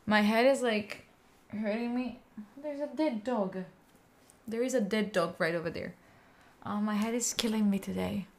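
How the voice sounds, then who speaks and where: A woman's voice: mid-range voice, a little mellow, a little hiss or hum. A young woman with an Italian accent, chatting casually as a livestream host at home, swearing freely and reacting to her chat. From Italy. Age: young adult. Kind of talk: casual chat with live viewers. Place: room at home.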